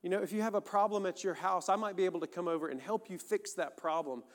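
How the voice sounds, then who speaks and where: A man's voice: high voice, fast. A man preaching a sermon, earnest and conversational, speaking directly to his listeners. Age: adult, married. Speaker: pastor. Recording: long reverb of a large hall.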